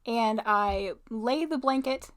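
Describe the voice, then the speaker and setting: High-voiced woman, dry and amused. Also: takes it slowly. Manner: dry, matter-of-fact, amused. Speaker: podcast co-host. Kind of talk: casual chat.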